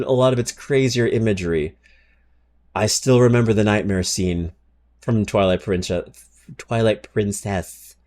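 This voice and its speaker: A man's voice: on the low side, measured pace, darkish tone. A man streaming live who chats casually with his viewers, swears freely, and reads game card text aloud. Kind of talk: casual livestream chat.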